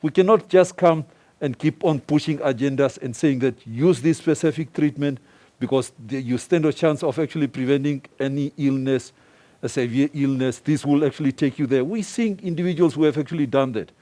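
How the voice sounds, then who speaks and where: A man's voice: a little high, a little fast, mellow. A male doctor on a panel, pleading insistently with the public. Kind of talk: panel discussion.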